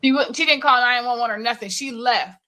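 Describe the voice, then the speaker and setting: A woman's voice: a little high, a little fast. A woman co-hosting a casual talk show, animatedly retelling a story she saw online. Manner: animated storytelling with quoted voices. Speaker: podcast co-host. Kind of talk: casual chat.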